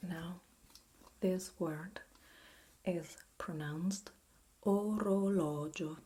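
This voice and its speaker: A woman with an Italian accent whispers her way through a language lesson in a slow, patient ASMR role-play. Her low, breathy, mellow whisper lingers on each word and invites you to repeat after her. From Italy. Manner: slow, patient whispered teaching, drawing out words for the listener to repeat.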